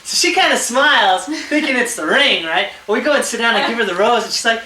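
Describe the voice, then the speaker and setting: Lively man telling a story, echoey and distant. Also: extremely high pitch. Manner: animated, laughing, quick retelling. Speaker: groom-to-be telling a proposal story. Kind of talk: casual storytelling to friends. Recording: roomy, from far off, noisy.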